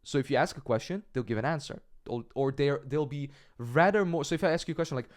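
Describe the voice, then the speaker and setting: With a medium-pitched voice, this young adult man talks fast and barely pauses while teaching cold-calling as an agency coach. The sales training is direct in tone, featuring acted-out calls and frequent "right?" check-ins.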